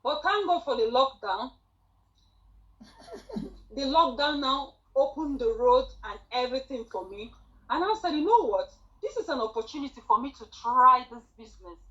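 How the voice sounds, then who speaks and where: A woman, a student nurse telling her story in an animated, chatty way on a group call. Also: sits high, moderate pace, muffled recording. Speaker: student nurse sharing a testimony.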